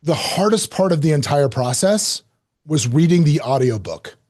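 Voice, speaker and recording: A middle-aged man telling a story as a podcast guest, lively and self-mocking, acting out quoted lines. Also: a little high, normal speed. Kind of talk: animated storytelling in an interview.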